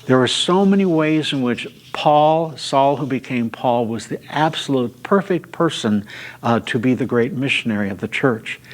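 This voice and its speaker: A man leads a Bible study in an animated, mid-range voice, retelling scripture stories at an unhurried pace. He uses frequent filler sounds.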